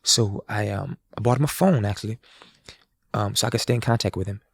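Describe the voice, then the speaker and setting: Fast-talking gravelly man telling a story. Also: on the low side, dry recording, clean studio sound. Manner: animated, acts out quoted dialogue. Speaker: guest street musician. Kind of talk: casual storytelling.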